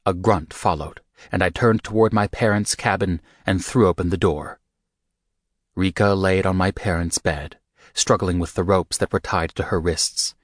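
In a dry, close recording free of any room sound, a man with a very deep voice narrates a first-person audiobook. His delivery stays even and measured.

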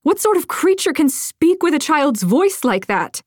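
A frantic young woman traveler, voiced by a woman narrator, high and urgent, demanding answers. The sound is dry and close in an audiobook recording. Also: very animated, unhurried, dry recording. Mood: alarmed.

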